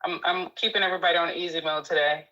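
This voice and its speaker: A woman's voice: fairly low pitch, level tone, rapid-fire, sharp tone. A woman from Indiana calling into a live stream, chatting casually and apologizing between laughs. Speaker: caller. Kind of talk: casual chat. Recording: dull lo-fi line.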